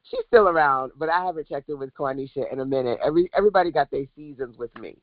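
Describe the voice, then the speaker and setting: A woman business coach on a livestream, talking in an animated, preachy way straight to her viewers. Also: low-pitched, quick pace, no room sound, narrow, tinny audio.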